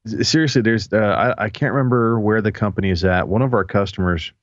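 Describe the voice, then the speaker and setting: A man co-hosting a live talk show in casual chat, halting and repeating words as he tells a story. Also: fairly low pitch, dry recording. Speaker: co-host. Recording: dull lo-fi mic sound.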